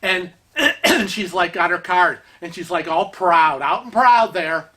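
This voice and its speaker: A man's voice: high voice, expressive, a little slow, pushed and bright. A man vlogger telling a story in a chatty, exasperated way, acting out the quotes. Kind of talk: casual storytelling.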